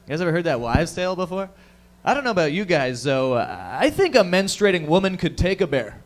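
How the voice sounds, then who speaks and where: Guy hosting a comedy night, kinda high voice, loose and sweary, hyping the crowd. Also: very animated, brisk, hardly any pauses. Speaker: comedy show host. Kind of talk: stand-up hosting banter. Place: comedy show stage before a live crowd.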